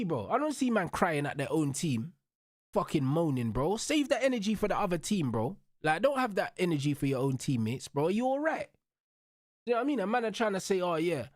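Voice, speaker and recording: In a dry, studio-quality recording, a young man with a high voice rants heatedly about football while hosting a watch-along. His talk is profane and slang-heavy, each line capped with bro, bruv or blood.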